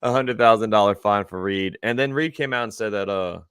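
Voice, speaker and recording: A man's voice: fairly low pitch, brisk, a bit bright, clean tone, no echo, clean studio sound. A man co-hosting a casual football talk show, laid-back and chuckling, greeting chat viewers as he talks. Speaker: sports show co-host.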